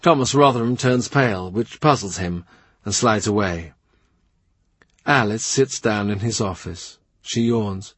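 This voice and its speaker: A man narrating an audiobook in even, vivid storytelling. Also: fairly low pitch, a little slow, husky, no room sound. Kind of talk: scripted literary narration.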